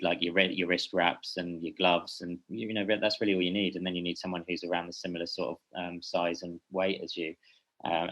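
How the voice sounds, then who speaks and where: A man's voice: low-pitched, fairly bright tone, poor audio. A man talking as a podcast guest, a boxing journalist who speaks in a meandering, hesitant way and keeps correcting himself. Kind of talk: casual podcast conversation.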